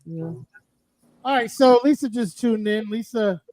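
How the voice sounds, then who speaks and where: A man's voice: sits high, expressive, a little slow, a little mellow, no room sound, rough recording. A man hosting a live radio stream, chatting casually and joking over a video call. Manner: loose, joking, swears casually. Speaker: radio show host.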